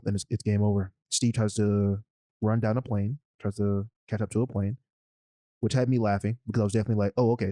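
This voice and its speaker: A man's voice: lowish voice, mellow, no room sound. A man co-hosting a podcast, recapping a movie plot in a laid-back way with fillers. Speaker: podcast co-host. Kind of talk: casual chat.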